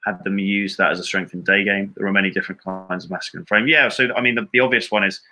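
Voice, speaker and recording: Dude reading viewer questions on a live stream, talks fast, super bright tone. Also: male voice, low-pitched, fairly even intonation. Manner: casual, reads viewer questions, swears. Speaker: dating coach co-host. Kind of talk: live Q&A chat.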